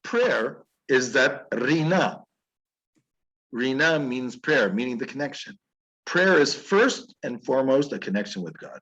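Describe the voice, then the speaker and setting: A man, a rabbi, teaching through stories in an animated, conversational way that is sprinkled with chuckles. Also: medium pitch, a little slow, husky, muffled recording. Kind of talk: storytelling lecture.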